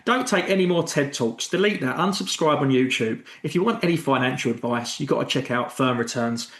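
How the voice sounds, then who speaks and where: A man co-hosts a podcast with teasing, mock-earnest banter. His mid-pitched voice rings out in an echoey room. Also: fairly bright tone. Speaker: podcast co-host. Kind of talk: casual comedic banter.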